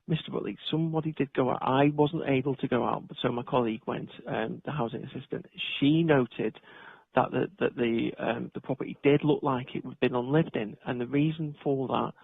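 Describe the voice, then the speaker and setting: A man working as a housing officer, explaining procedure on a phone call in a measured, hesitant way with many ums and restarts. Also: mid-range voice, steady tone, vocal fry, slightly rough, no room sound. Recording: tinny phone line, dry.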